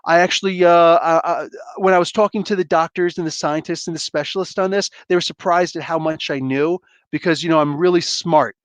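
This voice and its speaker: A man's voice: on the high side, fairly even intonation, brisk, hardly any pauses, smooth, no echo, close to an everyday voice. A man imitating a boastful male politician who rambles about how smart he is. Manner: bragging, rambling.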